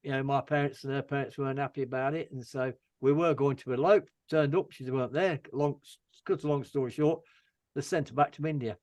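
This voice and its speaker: A man's voice: mid-range voice, steady tone, brisk, a little mellow, dry recording. An older man from England in casual chat as a guest, rambling and dry-humoured.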